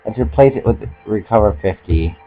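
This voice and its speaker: A man's voice: on the low side, lively intonation, normal speed, phone-quality sound, faint music behind. A young man giving casual, joking commentary while playing a video game, often stumbling over his words and poking fun at himself. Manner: joking, self-mocking, trips over words. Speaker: let's play gamer.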